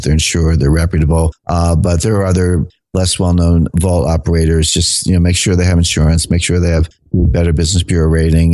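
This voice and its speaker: Man, very low pitch, husky, lecturing podcast guest, dry close sound. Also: darkish tone, dry recording. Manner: measured, lecturing, with rhetorical questions. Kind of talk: explanatory podcast talk.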